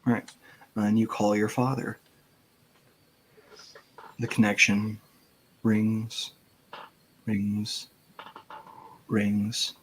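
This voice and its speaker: A man narrating as game master, describing scenes in a relaxed way with fillers. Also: fairly low pitch, very slow, pauses often, slight background noise.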